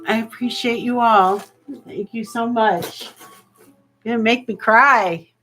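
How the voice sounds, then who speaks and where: A woman's voice: on the high side, steady tone, fairly bright tone, faint music behind, poor audio. A woman hosting a live-streamed jewelry auction, chatting with viewers and thanking them as she calls the bids. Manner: slow, chatty, thankful, with fillers. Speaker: live jewelry sale host.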